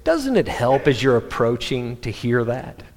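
A man preaching a sermon, telling stories animatedly with quick restarts. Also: medium pitch. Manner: animated storytelling, self-interrupting restarts. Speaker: pastor. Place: church sanctuary. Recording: long hall reverb.

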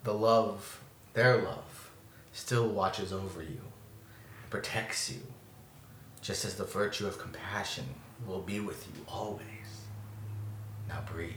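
A gentle matronly spirit speaks in a slow, hushed and solemn voice, as a game master puts her on. The voice stays low, and the room around it is echoey. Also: distant mic, slight background noise, full character voice. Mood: tender.

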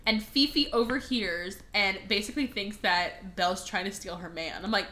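A woman's voice: mid-range voice, normal speed, sharp tone. A woman co-hosting a podcast, casually retelling a movie with put-on character voices, swearing and laughing. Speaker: podcast co-host. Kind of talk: casual movie review chat.

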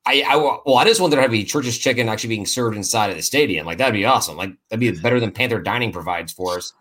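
Low-voiced man hosting a casual podcast. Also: fast, a bit bright. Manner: loose and joking, laughs often, repeats words. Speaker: podcast host. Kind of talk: casual sports podcast chat.

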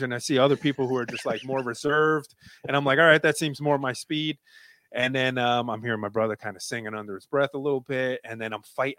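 A man's voice: medium pitch, a bit bright, no echo. Earnest man in his thirties. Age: 30s. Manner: earnest, rambling, many fillers. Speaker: guest. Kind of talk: emotional personal story, casual.

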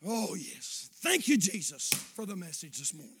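A preacher man with a very high, bright voice. He preaches in a folksy way, sliding from hushed asides up to shouted appeals. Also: very animated, normal speed, husky. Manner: folksy, swings between quiet asides and shouting. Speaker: pastor. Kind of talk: sermon.

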